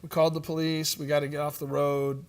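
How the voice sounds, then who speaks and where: Man, conference speaker, church teaching, higher-pitched voice, conversational, anecdotal. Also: level tone, fast talker. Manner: conversational storytelling with fillers and asides.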